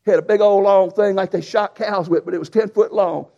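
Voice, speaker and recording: A preacher who tells a folksy, animated story in a sermon. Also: male voice, high-pitched, a little fast, vocal fry. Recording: dull lo-fi sound.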